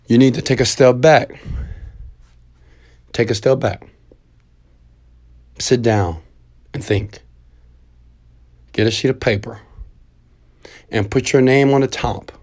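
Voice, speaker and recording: Emphatic man giving a motivational pep talk. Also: medium pitch. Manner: preachy, emphatic, swings from loud urging to quiet intimacy. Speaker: motivational speaker. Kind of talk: motivational monologue.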